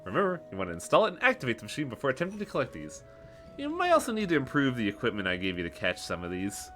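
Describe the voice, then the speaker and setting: A man's voice: mid-range voice, wildly swooping pitch, rapid-fire, bright, forceful tone, faint music behind. A man reading out a game researcher's lines aloud, matter-of-fact and explanatory. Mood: explaining.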